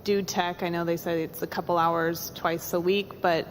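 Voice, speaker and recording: Audience lady asking something, lowish voice, faint noise. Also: level tone, moderate pace. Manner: inquiring. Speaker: audience member asking a question.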